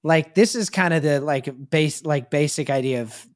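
A man's voice: fairly high pitch, normal speed. A man co-hosting a parenting podcast, explaining ideas in a reflective, casual way with frequent fillers and some swearing. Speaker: podcast co-host. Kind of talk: casual chat.

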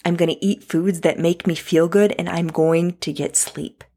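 A woman's voice: lowish voice, steady tone, normal speed, mellow, slightly rough. A woman in her thirties talking straight to the listener in an earnest, heartfelt motivational monologue. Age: 30s. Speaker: podcast host.

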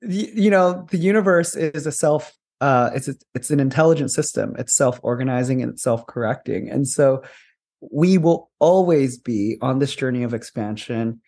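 A man's voice: medium pitch, normal speed, gravelly, a little mellow. Earnest spiritual male podcast guest. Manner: earnest, spiritual, laughs often, rambling restarts. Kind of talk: conversational interview.

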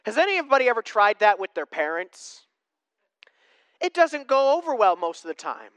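A pastor giving a sermon in a conversational way, asking the congregation questions and swinging between emphatic preaching and hushed tones. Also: medium pitch, very animated, moderate pace, smooth, no echo.

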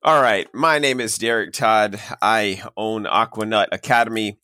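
Bright-toned man, dry and halting. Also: lowish voice, fairly even intonation, no room sound. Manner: halting, with many "uh" and "um" fillers. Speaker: podcast guest, former business owner. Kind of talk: casual interview chat.

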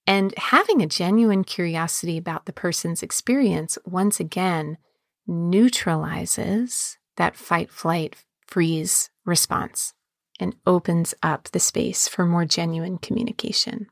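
A woman podcast host and embodiment coach, speaking in a calm, measured way and slowing down on key words. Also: on the low side, vocal fry, no echo, clean studio sound. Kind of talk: podcast monologue.

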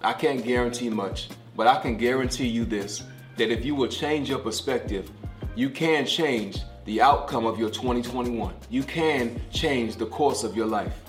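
A man's voice: mid-range voice, moderate pace, roomy sound, soft background music. A middle-aged man giving a podcast devotional sermon, talking like a conversation and repeating key phrases for emphasis. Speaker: pastor.

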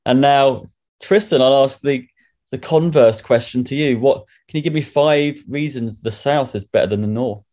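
A man's voice: medium pitch, moderate pace, darkish tone. A man hosting a comic game show with dry, wry remarks. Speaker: quiz host.

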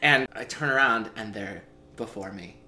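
A man in his twenties, co-hosting a podcast, telling a story in a lively way with lots of laughter. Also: on the low side, normal speed. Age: 20s. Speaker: podcast co-host. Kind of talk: casual storytelling chat. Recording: echoey room, faint background noise.

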